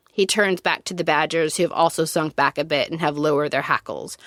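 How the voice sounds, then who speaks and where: A woman reading her own children's story aloud, narrating in an expressive storybook manner. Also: deep voice, normal speed, few pauses, dry recording, clean studio sound.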